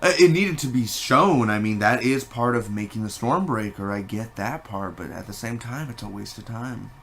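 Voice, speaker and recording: A man giving a casual spoken movie review, rambling and animated, with many fillers and restarts. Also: fairly low pitch, normal speed, creaky, slight background noise.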